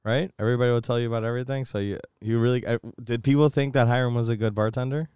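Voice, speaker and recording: A man on a casual podcast who rambles through his stories and laughs along with the others. His voice is smooth and resonant. The close mic gives a dry sound with no room. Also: mid-range voice, steady tone, very fast, a little mellow, no echo. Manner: rambling, laughs along, says "dude" a lot. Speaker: podcast co-host.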